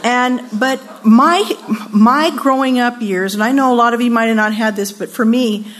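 Animated older woman preaching with stories. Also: on the high side, normal speed. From California. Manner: animated storyteller, acts out quoted voices, laughs often. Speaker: women's retreat speaker. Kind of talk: sermon-style talk with personal stories.

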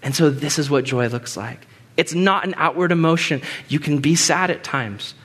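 A man preaching a sermon to a room full of people, rising to loud emphatic peaks and dropping to soft, low passages. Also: normal speed, husky. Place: room with an audience.

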